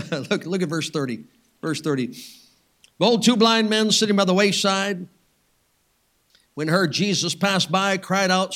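A man preaching a sermon, swinging between loud, urgent passages and hushed, soft ones, with folksy joking asides. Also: high voice, measured pace, pauses often. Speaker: pastor.

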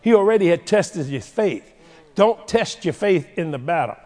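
A male preacher delivering a sermon with humorous, animated storytelling, recorded in a large hall with a long reverb. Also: high voice, normal speed.

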